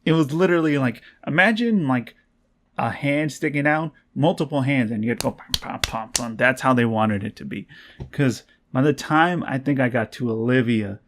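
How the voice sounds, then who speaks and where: A man's voice: medium pitch, normal speed, fairly bright tone, slight background noise. A young man vlogging a casual, rambling recap, swearing freely and laughing as he acts out quotes.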